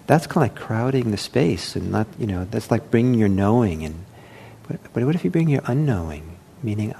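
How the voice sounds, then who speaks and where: A man teaching meditation in a gentle, unhurried way, with many pauses, fillers and restarts. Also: fairly low pitch, expressive, gravelly, slight background noise. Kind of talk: dharma talk.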